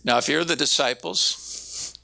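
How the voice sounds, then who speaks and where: Gravelly, bright-toned preaching man. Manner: animated, quoting with raised pitch, slowing for emphasis. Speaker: pastor. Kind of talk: sermon.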